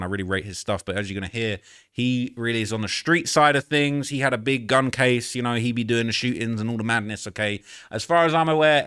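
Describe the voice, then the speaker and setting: London male YouTuber, casual commentary, smooth clear tone, dry close sound, peppers lines with "okay?". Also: mid-range voice, a bit bright, dry recording. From London, England. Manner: chatty, keeps tagging lines with "all right?" and "okay?".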